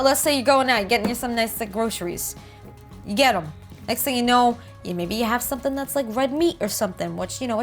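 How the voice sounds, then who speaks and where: A woman with a New Jersey accent, casually riffing and joking as she reads about game art. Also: on the high side. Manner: chatty, jokey, reads aloud and riffs. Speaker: host.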